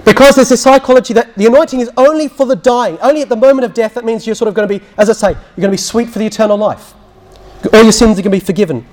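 A Catholic priest gives a teaching talk in a high voice. He tells stories and acts out the people he quotes, sometimes dropping to a hushed tone. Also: racing. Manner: storytelling, acts out quotes, drops to a hushed voice when recounting prayers.

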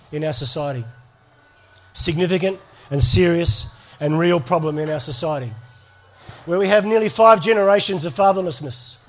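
A middle-aged man giving an earnest talk to an audience, telling stories. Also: high voice. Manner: storytelling, earnest, with acted dialogue. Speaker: speaker. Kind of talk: sermon to a live audience.

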